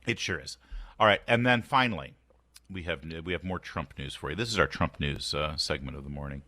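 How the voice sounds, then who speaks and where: A man's voice: extremely low pitch, brisk, pushed and bright, dry recording. An American man hosting a morning talk radio show, sardonic and fond of reading quotes aloud with mock emphasis. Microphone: studio microphone.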